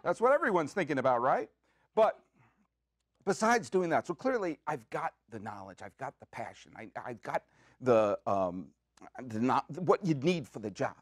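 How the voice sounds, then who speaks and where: A man hosting his own podcast, talking in an excitable, jokey, rambling way with quick asides from a community media studio. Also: medium pitch, no echo. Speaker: podcast host. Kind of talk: comic solo podcast monologue.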